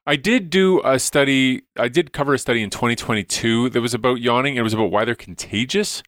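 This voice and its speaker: A man's voice: medium pitch, brisk, a bit bright, dry recording. Chatty science-explaining man, dry sound. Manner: enthusiastic, explains studies with many "like"s. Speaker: science educator guest. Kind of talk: casual podcast chat.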